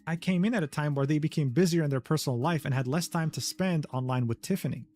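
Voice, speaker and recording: A man's voice: on the high side, fast talker, darkish tone, faint music behind. A man narrating a drama recap, reading quoted messages aloud with sardonic asides. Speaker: commentary narrator.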